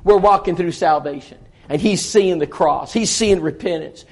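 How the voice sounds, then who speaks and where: A man's voice: sits high, moderate pace, a little mellow. A man preaching a sermon, telling a story in an earnest, folksy way and acting out the dialogue.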